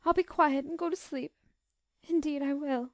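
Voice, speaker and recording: Lady doing a high soft teen girl, teary and pleading, storybook reading. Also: a little slow, no echo, clean studio sound. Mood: tearful pleading. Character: gentle tearful teenage girl in pain. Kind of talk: audiobook narration.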